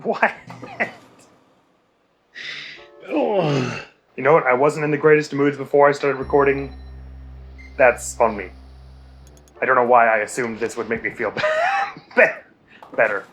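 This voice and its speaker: A man's voice: medium pitch, wildly swooping pitch, unhurried, long pauses, a bit bright, faint music behind. A man hosting a video game let's play, giving casual, rambling commentary with self-mocking, exasperated grumbling.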